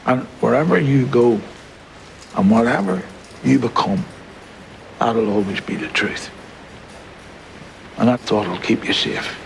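A man's voice: mid-range voice, a little slow, creaky, pauses often, a little hiss or hum, low-quality recording. An actor playing an older grandfather in a film scene, tender and reassuring with a dry sense of humour. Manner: tender, reassuring, dryly humorous. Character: warm older grandfather, gentle and wry. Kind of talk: film drama acting.

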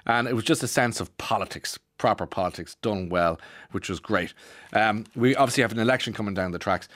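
A rambling Irish man hosting a radio slot, his voice sitting low. He chats casually and restarts his sentences often. The sound is close and dry, like a studio mic. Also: a little fast, a bit bright, dry recording. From Ireland. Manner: chatty, rambling, with many restarts and asides. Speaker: radio presenter. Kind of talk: casual monologue.

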